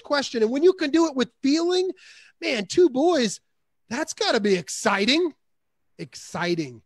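A man's voice: high voice, no echo. A man, a guest on a podcast, coaching on sales emphatically and acting out sample dialogue.

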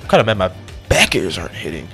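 A man giving profane live commentary over his own gameplay, muttering one moment and yelling the next. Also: deep voice, wildly swooping pitch, fast talker, faint music behind. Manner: profane, reactive, swinging between muttering and yelling. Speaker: gaming commentator.

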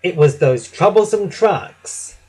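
A man reading as a kindly train driver from a storybook, speaking calmly and reassuringly. The voice is slow and slightly husky, close to the reader's own. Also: high-pitched, exaggerated voice. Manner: calm, reassuring.

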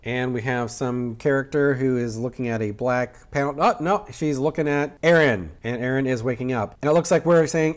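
A man's voice: mid-range voice, normal speed, few pauses. A man reviewing a manga in a casual way, joking and chuckling as he goes. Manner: joking, chuckles between lines.

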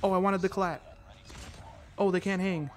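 Man, high voice, casual gameplay commentary, excited reactions, playful catchphrases, desk mic. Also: normal speed. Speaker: gaming channel host.

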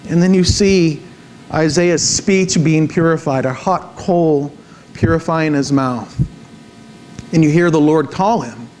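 Male pastor, high voice, dramatic sermon delivery, checks in with the congregation, faint background noise. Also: low-quality recording. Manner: dramatic, swings from hushed to emphatic when reading scripture; repeats words for emphasis, asks the audience "right?".

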